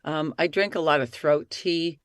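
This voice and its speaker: Lively, talkative woman with a dry sound. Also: deep voice, unhurried, no room sound. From Italy. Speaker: actress, voice-over artist and playwright. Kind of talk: casual interview chat.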